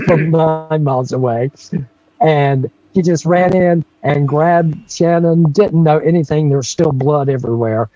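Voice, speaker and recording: A man in his sixties from North Carolina, a guest telling a childhood story in a casual, animated way, with frequent laughs and restarts. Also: fairly high pitch, a little slow, dull audio. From North Carolina, USA.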